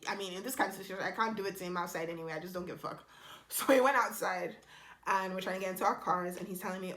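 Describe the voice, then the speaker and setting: A young woman vlogger telling a casual storytime, animated and exasperated, blunt and quick to swear. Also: on the low side, a little hiss or hum.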